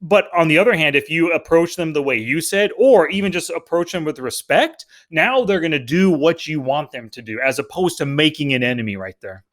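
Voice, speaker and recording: A middle-aged man in casual podcast talk, with a voice a little higher than most men's. He speaks earnestly, working through practical life lessons. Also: expressive, brisk, hardly any pauses, fairly bright tone. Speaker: podcast co-host.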